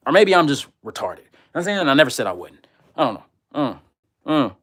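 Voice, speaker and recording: A man's voice: a little high, sing-song, fast talker. Profane Texan man ranting on a livestream. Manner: heated, loud and profane when angry, repetitive insults. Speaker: livestream host reading comments.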